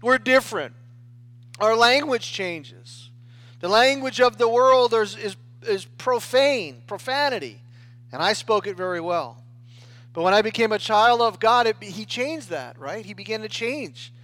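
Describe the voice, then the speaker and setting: A man's voice: sits high, animated, measured pace, fairly bright tone, dry recording. A man preaching a sermon in a conversational style, often checking in with the listeners and restarting his phrases. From United States. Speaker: pastor.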